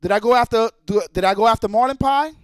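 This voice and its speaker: A man's voice: very high-pitched, fast, smooth, dry recording. A man streaming live, ranting in a profane, heated and repetitive way. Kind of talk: livestream rant.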